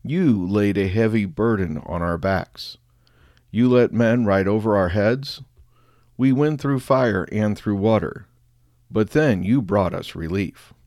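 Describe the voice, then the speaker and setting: A man leading chanted liturgical prayers, with a measured cadence that drops at the end of each phrase. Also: on the low side, darkish tone, no room sound, studio quality. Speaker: prayer leader.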